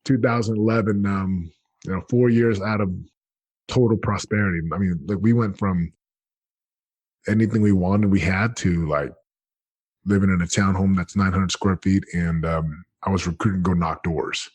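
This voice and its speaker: A man in his thirties telling his story as a podcast guest, earnest and animated, often acting out what he said. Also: sits low, normal speed, breathy edge, no echo. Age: 30s. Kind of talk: candid storytelling.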